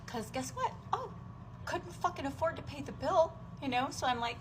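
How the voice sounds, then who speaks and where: A woman's voice: on the high side, normal speed, gravelly. Angry profane woman ranting, noisy background. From United States. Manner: angry, profane, emotional rant. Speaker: working mother. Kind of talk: vlog rant to camera.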